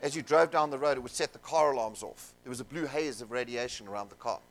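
A man telling stories to a seminar audience, animated and jokey, with asides to the crowd in a conference room. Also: mid-range voice, fast. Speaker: seminar speaker. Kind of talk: keynote storytelling to an audience.

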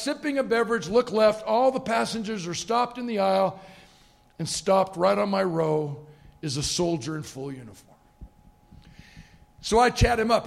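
A man's voice: high-pitched, vocal fry. A middle-aged man giving a humorous motivational keynote speech at a conference, telling stories and acting out the people in them. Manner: storytelling with comic asides and acted-out quotes. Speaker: keynote speaker. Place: conference stage.

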